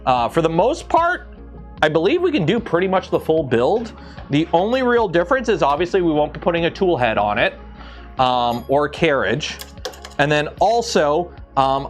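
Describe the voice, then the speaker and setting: A man streaming live from his workshop, chatting casually and thinking aloud as he builds a 3D printer. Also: fairly high pitch. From Canada.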